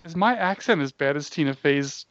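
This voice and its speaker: Co-host, male, Philadelphia accent, fairly high voice, self-deprecating, dull dry sound. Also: animated, moderate pace, a bit bright, no echo. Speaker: podcast co-host. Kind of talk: casual podcast chat.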